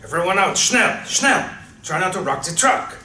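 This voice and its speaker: An actor playing a panicky army captain who barks orders in near hysterics. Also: male voice, sits high, sing-song, normal speed, bright, forceful tone, exaggerated voice. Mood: panicked. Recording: echoey room from far off.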